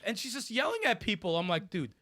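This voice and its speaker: A man co-hosting a video game podcast, talking in an animated, laughing way and swearing freely. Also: high voice, fast, a crowd in the background. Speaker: podcast co-host. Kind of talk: casual chat.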